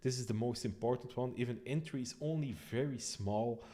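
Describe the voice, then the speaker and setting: A man explaining his code on a live stream, thinking aloud with frequent pauses and restarts. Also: medium pitch, warm tone. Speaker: developer streaming a code walkthrough.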